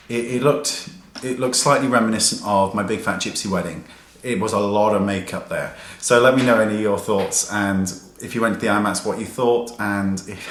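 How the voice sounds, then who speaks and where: A man, a makeup artist, telling a chatty, indignant story to his viewers in a casual vlog. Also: low voice. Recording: echoey room with faint hiss.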